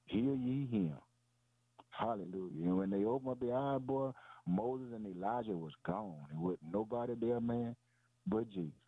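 A man with a low voice preaches a sermon. He builds on repetition, asks his own questions and answers them, and throws "boy" and "man" between phrases. The sound is dry and tinny, like a phone line. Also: moderate pace, no room sound. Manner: peppers phrases with "boy" and "man", calls out "Hallelujah".

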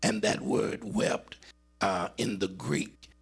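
A man preaching a dramatic sermon, swinging between high urgent cries and low murmured passages. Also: slow pace, vocal fry, slightly rough.

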